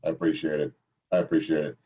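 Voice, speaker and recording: A man co-hosting a casual interview, folksy and quick to laugh, stumbling over restarts. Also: a bass voice, flat delivery, mellow, husky, rough recording. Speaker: co-host, former football player.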